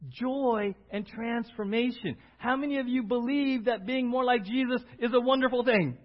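A male pastor preaching a sermon in a church, acting out little scenes and swinging from loud to quiet. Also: a little fast. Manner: animated, acts out little scenes with big swings in pitch and loudness. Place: church sanctuary. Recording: dull lo-fi church audio.

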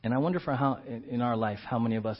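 A man's voice: mid-range voice, rapid-fire. A middle-aged man preaching a sermon in a conversational way, often checking in with "right?" and acting out quotes, in a slightly muffled recording. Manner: conversational, keeps asking "right?"; acts out quoted characters with big swings in loudness. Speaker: pastor.

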